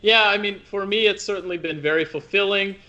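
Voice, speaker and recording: A man's voice: sits high, a little fast, pushed and bright, dull audio. A man in his thirties from the United States, an opera singer as the guest in a conversational interview, talking thoughtfully with many restarts.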